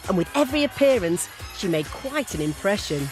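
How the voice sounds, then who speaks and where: A woman reading a documentary narration in a smooth, lively storytelling delivery. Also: mid-range voice, brisk, music in the background. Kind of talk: scripted narration.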